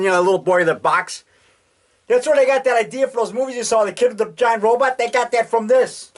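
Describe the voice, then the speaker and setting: A man's voice: very high-pitched, fairly quick. A man in his sixties chatting at home, rambling through a casual show-and-tell and dropping "man" and "you know" often. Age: 60s. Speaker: filmmaker showing his collection.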